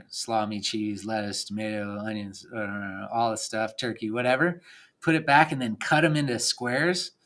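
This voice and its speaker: A man talking as a podcast guest in casual chat, rambling and animated, with lots of "like" and frequent laughs. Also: medium pitch. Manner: animated, rambling, says "like" a lot, laughs often.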